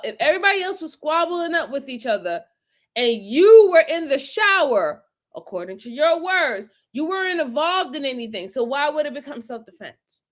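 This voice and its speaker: Co-host: high-pitched woman with a New York accent, animated casual commentary, repeats herself. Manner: animated, repeats words when worked up.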